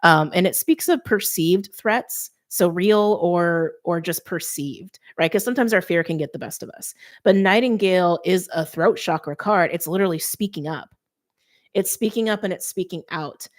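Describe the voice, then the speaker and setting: A woman doing an intuitive tarot card reading, speaking softly and earnestly and letting her emotions show. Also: lowish voice, normal speed. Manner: soft, earnest, openly emotional. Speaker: tarot reader.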